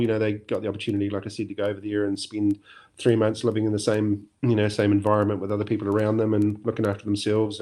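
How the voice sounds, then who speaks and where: Middle-aged New Zealand man, low and even voice, easygoing rambling interview guest. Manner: relaxed, rambling, many fillers and restarts. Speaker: podcast guest, former motocross champion. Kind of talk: casual interview chat.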